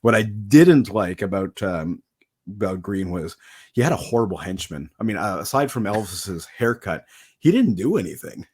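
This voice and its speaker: A man hosting a podcast, talking in a relaxed, rambling way with frequent restarts. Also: lowish voice, moderate pace, slightly rough. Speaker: podcast host. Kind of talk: casual chat.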